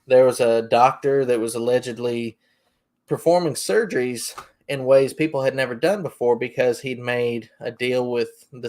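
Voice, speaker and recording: A man's voice: medium pitch, a little mellow. A man hosting a podcast, telling a story in a rambling, folksy way. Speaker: podcast host. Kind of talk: casual storytelling.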